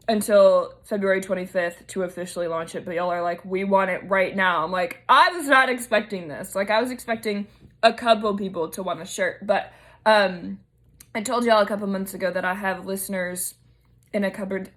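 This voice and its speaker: A young woman with a drawl talks through her week on her own podcast. She chats freely and openly, full of "like" and "um". Her pitch sits in an ordinary middle range. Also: a bit bright. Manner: chatty, emotional, lots of fillers. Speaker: podcast host. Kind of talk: casual solo podcast.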